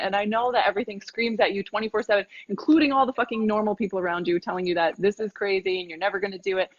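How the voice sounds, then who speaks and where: A woman's voice: medium pitch, steady tone, rapid-fire, hardly any pauses, no echo, highs cut off. A woman business coach giving a blunt, emphatic pep talk, swearing freely, over a video call. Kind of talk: motivational interview talk.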